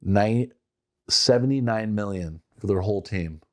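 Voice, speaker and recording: Casting note: young male podcast co-host, slightly low voice, animated sports talk. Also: unhurried. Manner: animated, mimics players with loud quoted outbursts. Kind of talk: casual sports chat.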